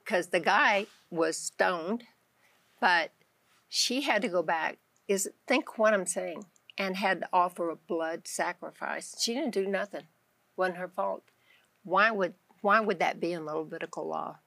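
A woman's voice: on the low side, unhurried, vocal fry, fairly bright tone, dry recording. A woman with a Texan accent, a guest on a Christian talk show, telling her faith story with animation and acting out her own prayers. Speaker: guest author.

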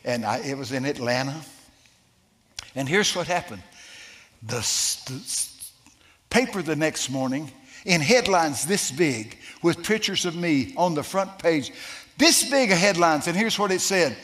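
A man preaching a sermon, telling a personal story in a folksy, animated way with some stammering. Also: on the high side, unhurried. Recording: long reverb of a large hall.

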